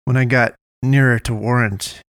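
A man narrating a first-person story aloud in a steady, measured way. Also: medium pitch, no echo, studio quality.

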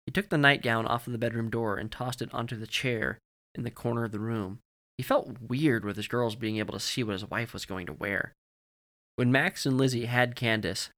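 A man narrates a novel in a steady, matter-of-fact way. His voice sits fairly low but sounds bright and forceful. The delivery is even and plainly told, like an audiobook reading. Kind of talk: scripted narration of fiction.

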